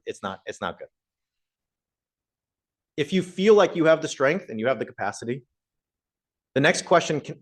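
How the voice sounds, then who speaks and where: A man and professor giving a conversational public talk to a live audience, often putting questions to the listeners. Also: medium pitch. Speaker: guest speaker, professor.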